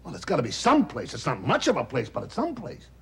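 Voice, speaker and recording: An actor playing a loud, wisecracking, self-pitying middle-aged talent agent in a 1970s television drama. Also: male voice, on the high side, huge pitch swings, fast, vocal fry, husky, full character voice. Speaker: theatrical agent.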